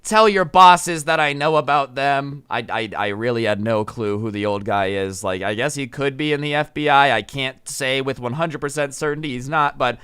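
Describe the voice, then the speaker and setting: A man's voice: mid-range voice, fairly even intonation, a little fast, few pauses, fairly bright tone, smooth. A young man, a YouTuber, casually telling a story with many fillers and an amused tone. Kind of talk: storytime vlog.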